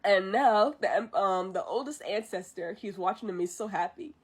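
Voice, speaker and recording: Animated chatty woman streamer retelling a movie from memory, laughs a lot. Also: medium pitch, normal speed, husky. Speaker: vtuber streamer.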